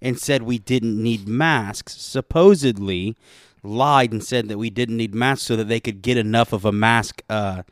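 A man's voice: lowish voice, unhurried, no room sound, studio quality. A man co-hosting a casual chat, arguing his point emphatically and swearing often.

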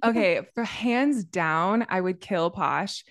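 A woman's voice: medium pitch, slow. A woman in her thirties, the host, talking in an earnest, easy casual chat. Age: 30s. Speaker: podcast host.

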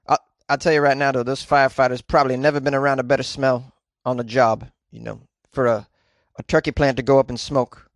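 A man's voice: medium pitch, flat delivery, fairly quick, dry recording, clean studio sound. A man who is a comedian hosting a daily news podcast, recorded in a small closet, riffing in a jokey, playful way.

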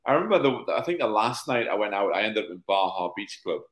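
A man co-hosting a podcast, chatting casually with frequent quick reactions and laughs. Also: fairly low pitch, very animated, echoey room. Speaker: podcast co-host. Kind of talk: casual chat.

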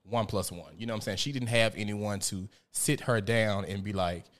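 A man hosting a casual talk show, telling lively stories, swearing and laughing often. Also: fairly low pitch, moderate pace. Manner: animated storyteller, profane, laughs often. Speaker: podcast host. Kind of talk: casual conversation.

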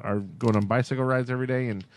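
A man's voice: mid-range voice, steady tone, fast. A man co-hosting a podcast, chatting casually and rambling with lots of "like" fillers. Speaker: podcast co-host. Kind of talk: casual chat.

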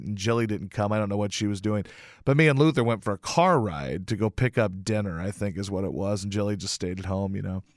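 A man's voice: lowish voice, dry recording, studio quality. A man hosting a radio show, telling a rambling, self-deprecating story in a casual monologue, with some swearing. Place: radio station studio.

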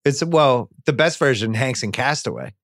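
A man's voice: medium pitch, expressive, moderate pace, a bit bright, no echo, clean studio sound. A man, a podcast host in casual chat who is enthusiastic and opinionated.

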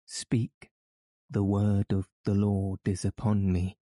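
A man's voice: on the low side, little pitch movement, takes it slowly, warm tone, no room sound, studio quality. A man voicing a frenzied doom-preaching curate. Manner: ranting, wailing, declamatory.

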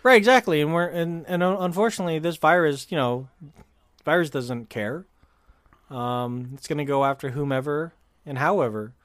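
A man's voice: on the high side, normal speed, fairly bright tone, no echo. A man from California chatting casually on a podcast, rambling with fillers and restarts. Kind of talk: casual chat.

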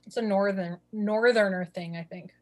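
A woman's voice: medium pitch, steady tone, normal speed. Chatty Midwestern woman podcaster. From southeastern Wisconsin. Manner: chatty, enthusiastic, repeats words for emphasis. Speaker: podcast co-host. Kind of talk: casual chat.

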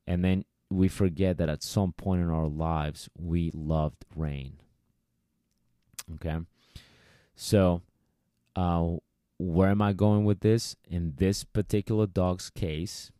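A man's voice: deep voice, fairly even intonation, a little slow, mellow, clean tone, dry recording, clean studio sound. A man, a dog trainer, talking casually to listeners and acting out quoted voices as he gives advice. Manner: chatty, coaching, acts out quoted voices. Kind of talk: casual podcast monologue.

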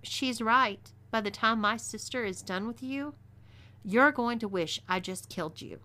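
A woman's voice: on the high side, unhurried, sharp tone. A woman with a Texas accent voicing a tough, blunt frontier woman who makes threats. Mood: menacing.

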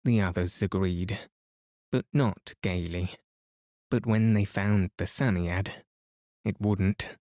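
Calm guy reading a bedtime story real slow, dry close sound. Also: low-pitched, no room sound. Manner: calm, soothing. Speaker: podcast host and reader.

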